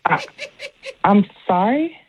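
A woman's voice: mid-range voice, big pitch swings, takes it slowly, crowd noise. A woman working at a restaurant who answers a call, polite and flustered, and keeps apologizing. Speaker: restaurant worker taking a call. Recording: muffled phone line.

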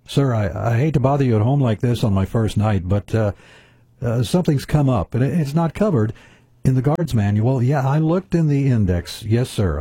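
Guy doing a nervous new night guard on the phone, stammery and polite, dark husky voice. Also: mid-range voice, no room sound.

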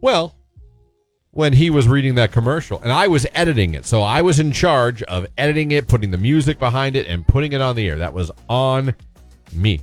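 A man's voice: medium pitch, lively intonation, fairly quick, soft background music. A man hosting a casual radio talk show, telling a self-deprecating story and inviting listeners to call in.

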